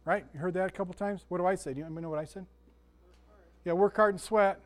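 This man teaches Sunday school in a casual, folksy way, telling stories and regularly asking the room questions as he chats through a Bible lesson. He speaks very fast in a high voice with fairly even intonation.

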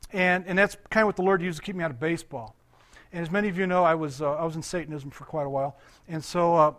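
A man's voice: on the high side, a bit bright. An older man, a pastor, giving a conversational sermon, laughing often and quizzing his congregation.

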